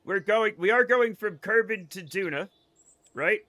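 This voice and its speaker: A man's voice: sits high, a little slow, sharp tone, no room sound. A man with a faded Boston accent, joking and swearing through casual gameplay commentary on a live stream and laughing often. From Boston area.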